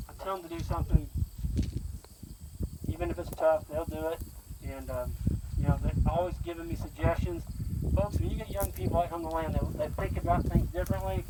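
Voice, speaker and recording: A man who farms, teaching a group out on a pasture in a folksy, plain-spoken storytelling way. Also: on the high side. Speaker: farmer teaching a grazing school. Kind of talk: outdoor teaching talk to a group. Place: outdoors on a farm pasture. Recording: loud outdoor noise, far mic.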